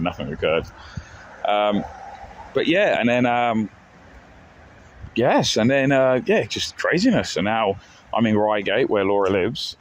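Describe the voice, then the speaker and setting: A man's voice: on the low side, low-quality recording. A man, live-streaming a casual, rambling story with jokes and lots of restarts. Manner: rambling and jokey, with many restarts. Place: outdoors on town streets. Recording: outdoor street noise. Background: traffic and street ambience.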